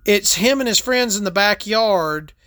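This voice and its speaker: A woman's voice: medium pitch, expressive, a little slow, a bit bright, no echo, clean studio sound. A woman hosting a casual, rambling monologue, talking loosely and swearing freely as she stops to smoke and sip a drink. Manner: rambling, profane, laid-back storytelling; smoking and sipping between topics.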